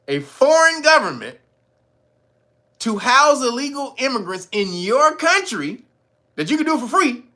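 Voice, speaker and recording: A male host giving casual, animated commentary, swearing freely and often breaking into laughter. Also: high-pitched.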